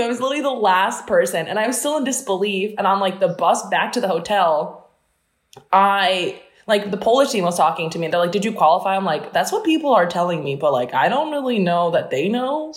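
A young woman from New Jersey, an Olympic fencer, telling stories fast and animatedly in a casual interview, full of "like" and laughs. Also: medium pitch, animated. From New Jersey, USA. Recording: roomy echo.

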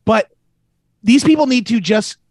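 A man ranting in a profane, animated way, as a comedian guest in a casual podcast chat. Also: very high voice, measured pace, no echo. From New York City.

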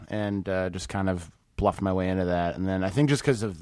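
A man in his thirties, a comedian guest chatting casually on a podcast, animated and laughing often as he tells stories. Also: low voice, fast, clear, resonant tone, no echo.

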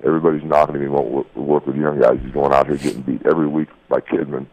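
A man's voice: rumbling low, level tone, quick pace, darkish tone, breathy edge. A man telling an angry, profane story as a guest on a radio show. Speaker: wrestler guest. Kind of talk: angry phone-in rant. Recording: dull lo-fi radio sound.

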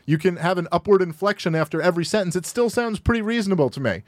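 On a podcast, a man reacts to a video clip and argues with it, talking fast and animatedly with few pauses. Exasperation sends his voice sharply upward each time he rebuts. The studio sound is clean, with no room echo.

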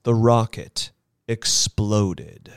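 A man narrating a short story as an audiobook reading, slow and expressive. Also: on the low side, vocal fry, background noise. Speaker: narrator and performer.

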